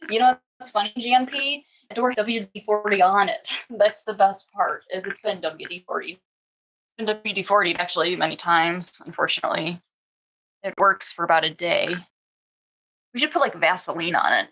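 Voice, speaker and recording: A woman chats casually on a live stream from her home, loose and rambling, full of fillers and quick restarts. She talks like a dog breeder hosting for her viewers. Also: a bit bright, poor audio. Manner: chatty, coos in high baby talk to puppies. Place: indoors at home.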